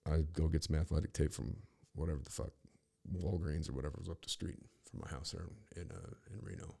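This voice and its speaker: A man's voice: very deep voice, fairly quick, creaky, warm tone. A man hosting a podcast, telling a rambling, profane story with frequent restarts. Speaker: podcast host. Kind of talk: casual storytelling monologue.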